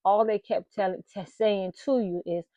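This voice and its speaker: A woman's voice: mid-range voice, steady tone, moderate pace, mellow, no echo, highs cut off. A woman hosting her own channel, sharing an emotional personal testimony and talking straight to her viewers. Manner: emotional, earnest, addresses viewers directly. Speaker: channel host.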